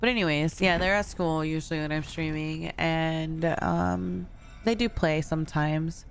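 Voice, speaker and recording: A woman's voice: sits low, measured pace, gravelly, a little hiss or hum. A young woman streaming a game, chatting casually, thanking viewers and answering chat. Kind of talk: casual live-stream chat while gaming. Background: faint music.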